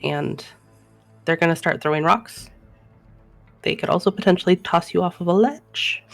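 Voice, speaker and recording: Gravelly low-voiced woman player. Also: moderate pace, dry recording, soft background music. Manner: tentative, thinking aloud. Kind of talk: playing a tabletop game.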